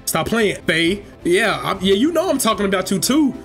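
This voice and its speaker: This gaming-channel host keeps up live commentary full of playful slang and trash talk, bantering with viewers while he plays. His high voice swings widely in pitch at a moderate pace, and faint music plays behind him.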